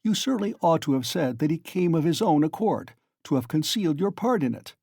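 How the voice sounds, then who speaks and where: A man's voice: on the high side, expressive, fairly quick, gravelly, mellow, husky, dry recording, clean studio sound, heavily acted. A man reading aloud and voicing a sly, genial male magistrate who coaxes and teases with mock friendliness. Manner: coaxing, insinuating, mock-friendly.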